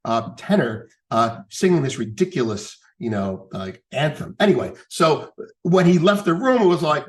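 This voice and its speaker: A man's voice: a little high, lively intonation, moderate pace. A man guest on a podcast, telling a rambling story in casual chat, swearing now and then.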